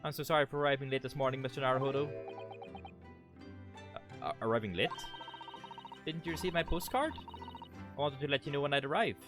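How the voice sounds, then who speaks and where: A man voicing a polite, gentle young woman who serves as an assistant. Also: medium pitch, animated, a little fast, long pauses, music in the background, natural voice. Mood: polite, playful.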